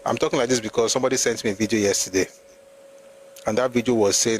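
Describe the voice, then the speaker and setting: A man's voice: mid-range voice, steady tone, fast talker, slight background noise, poor audio. A man with a Nigerian accent, hosting a live history talk and arguing his points with rhetorical questions. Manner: argumentative, full of rhetorical questions. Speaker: host.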